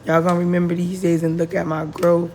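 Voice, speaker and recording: A woman with a hoarse, deep, raspy voice, chatting casually through a cooking voice-over while she is losing her voice. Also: completely flat delivery, brisk, darkish tone, slight background noise. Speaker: cooking vlogger. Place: home kitchen, voice-over.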